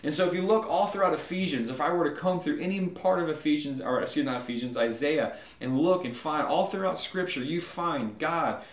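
A man preaching a sermon, animated and conversational, often checking in with a quick "right?". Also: a little high, reverberant. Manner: animated storytelling, frequent "right?" asides. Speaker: pastor.

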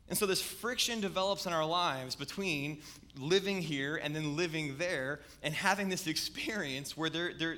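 A man's voice: a little high, bright, forceful tone. A man, preaching a sermon in a conversational, storytelling way. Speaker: pastor.

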